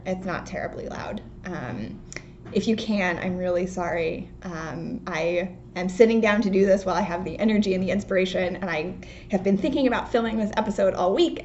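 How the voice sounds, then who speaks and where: A young woman with a mid-range voice hosts a knitting podcast from home, chatting casually and rambling with lots of ums. The audio is lo-fi, and faint outdoor work noise carries in from outside.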